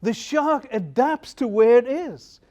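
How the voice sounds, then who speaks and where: A man's voice: very high-pitched, animated, slow pace, darkish tone, muffled recording. A man, a pastor, giving a conversational talk at a conference, telling stories and asking the audience questions. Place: conference hall.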